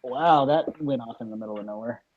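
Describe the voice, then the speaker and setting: A man's voice: mid-range voice, fairly quick, phone-quality sound, background noise. A man playing his character in a home tabletop game, talking casually and swearing now and then. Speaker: player.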